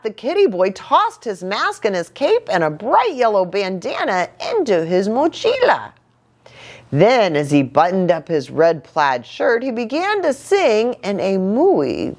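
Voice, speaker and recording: A woman pastor reading a picture book aloud to children, an animated and playful storyteller. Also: mid-range voice, unhurried.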